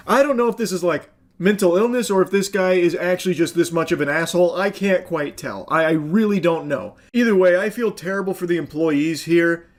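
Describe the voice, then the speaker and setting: A man commenting on a video clip in a sarcastic, exasperated way, swearing bluntly. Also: a little high. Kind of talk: reaction commentary.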